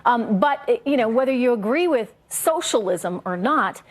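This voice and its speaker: A woman anchors a cable news panel, moving between guests with brisk, pointed questions. Her voice sits a little high, and she keeps the discussion tight. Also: lively intonation. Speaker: TV news host.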